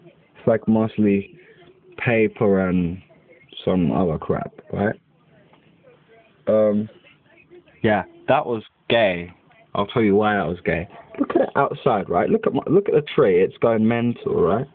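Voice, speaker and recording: With an animated but lowish voice, this young man talks a little slowly and leaves long pauses while vlogging indoors beside a window at home. His rambling is full of "like" and swearing, and the webcam audio is tinny and lo-fi.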